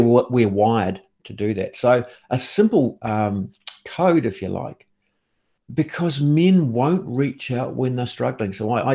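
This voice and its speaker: A man's voice: medium pitch, gravelly, darkish tone. A middle-aged man, a former police negotiator, telling his story in earnest and often stumbling over and repeating words. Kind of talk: interview storytelling.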